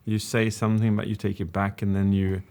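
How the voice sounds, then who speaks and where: A man's voice: on the low side, little pitch movement, brisk, gravelly, a little mellow. A man who analyses public speaking, co-hosting a reaction video. He talks in an earnest, reflective way and is openly moved. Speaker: public speaking expert, co-host.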